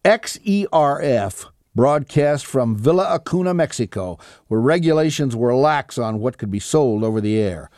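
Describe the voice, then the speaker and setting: A man narrating a documentary in a measured, scripted delivery. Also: mid-range voice, expressive, darkish tone, no echo, studio quality.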